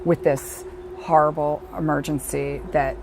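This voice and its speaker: A middle-aged woman, a bereaved mother, telling her story in a halting, reflective way with pauses. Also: deep voice, little pitch movement, gravelly, noisy background. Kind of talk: personal documentary testimony. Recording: music playing underneath. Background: soft background music.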